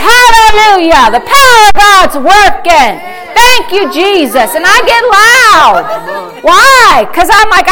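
A woman's voice: extremely high pitch, bright, forceful tone. A woman pastor preaching a fervent sermon and calling out to her congregation. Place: church service.

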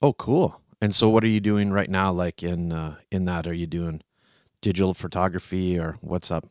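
A man's voice: deep voice, steady tone, moderate pace, no echo, clean studio sound. A man hosting a casual online show, chatty and prodding, interviewing a guest. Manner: chatty, prodding, restarts often. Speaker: host.

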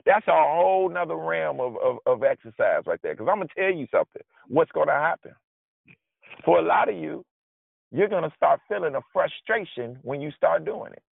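A man preaching a conversational sermon, informal and animated, acting out his frustration in asides. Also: fairly high pitch, fairly quick, gravelly, no echo. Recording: dry, tinny phone-like sound.

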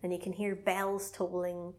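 A woman co-hosting a casual podcast, retelling a film in a chatty, animated way. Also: fairly low pitch, unhurried. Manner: chatty, animated storytelling with laughs. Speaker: podcast co-host recapping a film. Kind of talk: casual chat.

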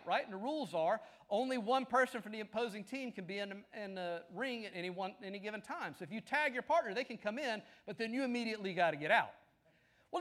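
A preacher with a drawl and a strikingly high voice, delivering a sermon to his congregation. He tells stories with rising energy, climbing into excited shouts at the peaks before settling back down. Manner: animated storytelling, shouting at climaxes. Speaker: pastor.

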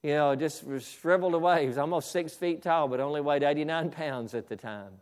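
A fervent male preacher with a high voice, preaching a sermon. He stumbles and restarts his phrases, then swells up to shouted declarations. Bursts of praise break into his flow. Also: fairly quick, clean tone. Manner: fervent, repetitive restarts, exclaims "hallelujah"; builds to shouting.

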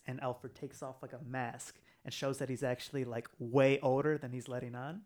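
A man's voice: mid-range voice, flat delivery, normal speed, a little mellow. A man in casual chat, retelling a comic book plot in a rambling way with lots of fillers.

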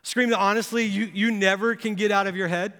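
Man, pastor, sermon, earnest storytelling, impassioned pleas, high-pitched, reverberant church hall. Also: fairly even intonation, a little fast, fairly bright tone. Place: church sanctuary.

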